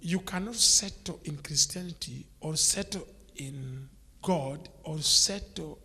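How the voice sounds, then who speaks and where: A man with a Kenyan English accent preaching a sermon as a bishop, repetitive and swinging between soft murmurs and loud exclamations. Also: on the high side, takes it slowly. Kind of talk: sermon with live interpretation. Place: church. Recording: church hall with long reverb.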